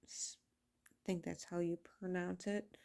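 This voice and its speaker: A woman's voice: on the low side, level tone, a little slow, gravelly, mellow. A woman reviewing a show in a casual vlog rant, exasperated, blunt and full of profanity. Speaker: video reviewer.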